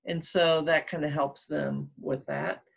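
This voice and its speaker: A woman with a notably low voice joins a video call as a guest trainer. She pauses often, searching for her words and filling the gaps with ums. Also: flat delivery, creaky, slightly rough. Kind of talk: casual video-call interview.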